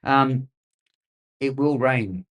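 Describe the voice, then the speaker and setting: A man's voice: medium pitch, very slow. A middle-aged Australian man hosting a weather show, rambling and sarcastic with lots of fillers. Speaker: weather podcast host. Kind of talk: casual commentary.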